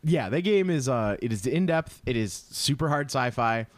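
A man's voice: medium pitch, animated, normal speed, no echo. A man chatting casually about games, laid-back, laughing often and swearing freely.

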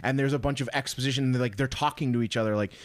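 A man in casual podcast chat about movies, animated and quick to mock outrage. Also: medium pitch, dry recording. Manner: animated, bursts into loud mock outrage and quoted lines. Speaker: podcast co-host.

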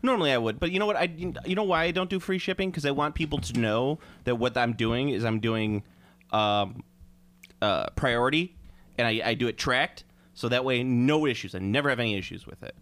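A man's voice: mid-range voice, a little fast, fairly bright tone. A man co-hosting a casual chat, telling crude mocking stories.

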